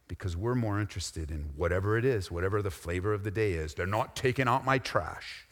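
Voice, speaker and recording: A man with a fairly low-pitched voice preaches a sermon as a pastor in a reverberant hall. He's animated, acting out squabbling voices and then dropping into soft, intense asides.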